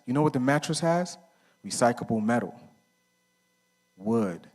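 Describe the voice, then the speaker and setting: A middle-aged conference speaker with a mid-range, slightly mellow voice talks at a normal speed with animation. At a men's conference he gives a casual talk full of stories, posing questions to the audience and answering them himself. He uses slang and fillers like "right?"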